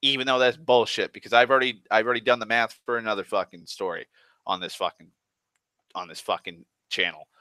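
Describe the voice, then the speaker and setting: A man's voice: on the low side, steady tone, fairly quick, pushed and bright, no echo. Exasperated, foul-mouthed ranting man. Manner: exasperated, heavy swearing, restarts mid-sentence. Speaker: online storyteller. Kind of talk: profane rambling rant.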